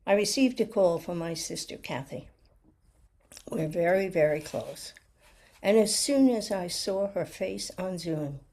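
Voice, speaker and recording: A woman giving a sermon reflection with a personal story, speaking in a gentle, earnest, reflective way. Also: mid-range voice, breathy edge. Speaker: lay preacher giving a reflection.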